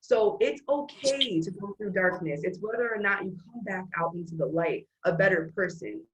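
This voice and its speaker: A woman's voice: mid-range voice, lively intonation, normal speed, lo-fi sound, a little hiss or hum. A woman hosting an earnest, emphatic motivational faith talk. She rambles with restarts. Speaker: host.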